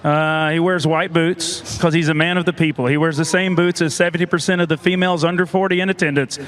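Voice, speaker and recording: A man's voice: on the high side, level tone, fast talker, fairly bright tone. A man analyst in a casual panel chat, joking and playful about his picks. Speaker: rodeo analyst.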